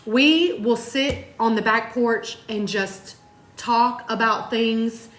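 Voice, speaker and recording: A somewhat high-pitched woman talks in an earnest, emphatic way, driving her points home with repetition and the odd curse. The sound is roomy, with echo off the walls around her. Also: slow pace, fairly bright tone. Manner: emphatic, repetitive, swears casually. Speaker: co-host of a motivational talk show. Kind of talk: heartfelt motivational chat. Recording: echoey room.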